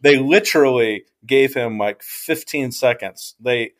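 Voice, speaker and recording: A man co-hosting a podcast at a middle pitch, recapping a TV season in loose, rambling chat. He stops often to search for words. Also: unhurried. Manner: rambling, hesitant, full of ums. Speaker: podcast co-host.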